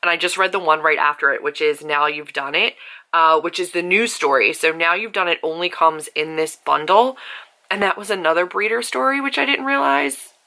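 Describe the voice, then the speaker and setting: Young female book vlogger, animated and gushing, crisp bright voice, home bedroom. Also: on the low side. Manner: gushing and animated, quick asides, lots of "like". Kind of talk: casual vlog chat.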